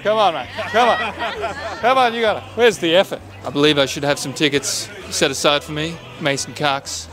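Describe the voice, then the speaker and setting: A man's voice: on the high side, normal speed, fairly bright tone, close to an everyday voice. A man putting on a cocky American footballer. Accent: put-on American. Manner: brash, self-promoting, playful. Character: impression of a tall American footballer, cocky and boastful. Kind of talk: street prank comedy. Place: outdoors at a busy urban football venue. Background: music.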